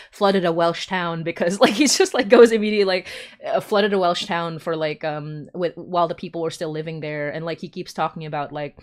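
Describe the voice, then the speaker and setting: Give me a woman hosting a podcast, lower pitched, chatting loosely with plenty of restarts. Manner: rambling, many fillers and restarts. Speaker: podcast host. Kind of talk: casual podcast chat.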